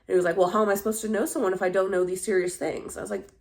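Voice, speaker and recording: A woman's voice: mid-range voice, flat delivery, racing, darkish tone, slight background noise. A young adult woman chatting casually on her vlog, telling dating stories in a candid, blunt way and swearing freely. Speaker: vlogger. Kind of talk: casual chat.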